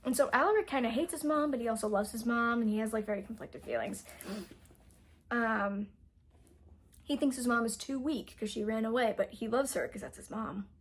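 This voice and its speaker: This young woman's fairly high voice has a breathy edge, and she talks a little fast. Acting as a book reviewer, she rambles through a novel's plot in a casual way, leaning heavily on "like."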